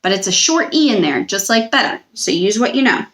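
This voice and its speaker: A woman's voice: mid-range voice, big pitch swings, fairly bright tone. A young woman teacher giving a recorded spelling lesson to children, patient and drawing out each word. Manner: patient, slow, stretches out words.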